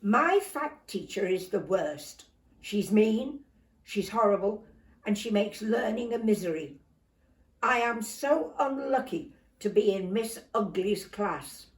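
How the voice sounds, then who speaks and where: A woman's voice: mid-range voice, expressive, slow, reverberant, recorded from a distance. An older woman reading a storybook, voicing a mischievous scheming schoolboy in a sly, gleeful way.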